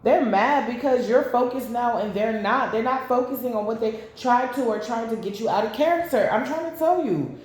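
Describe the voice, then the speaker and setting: A woman's voice: on the high side, moderate pace, hardly any pauses, darkish tone. A woman giving a casual tarot reading to camera, blunt and profane, drifting into rambling asides. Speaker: tarot reader. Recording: very echoey room.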